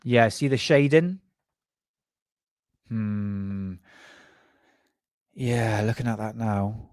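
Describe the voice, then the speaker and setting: Rambling English livestream host. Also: male voice, on the low side, drawn-out words, darkish tone, no room sound, studio quality. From England. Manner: rambling, laughing, talking to chat. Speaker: host of a live UFO show. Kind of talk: casual live-stream chat.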